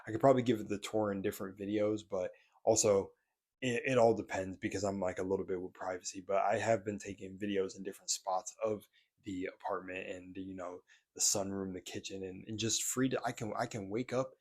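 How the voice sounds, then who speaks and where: A man's voice: sits low, steady tone, fairly quick, a little mellow. A young man with a slight lisp, talking candidly in a casual vlog from a room in his apartment, earnest, with some swearing and many restarts. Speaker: spiritual vlogger.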